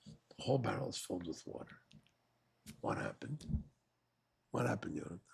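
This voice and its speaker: With a lowish, breathy voice touched by vocal fry, a rabbi delivers a sermon parable at normal speed, bringing its characters to life as an animated storyteller.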